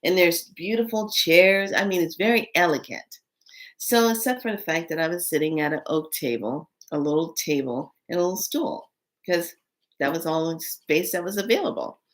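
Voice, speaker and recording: A woman telling a spiritual story in casual, animated speech with many fillers, acting out quoted voices. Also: lowish voice, normal speed.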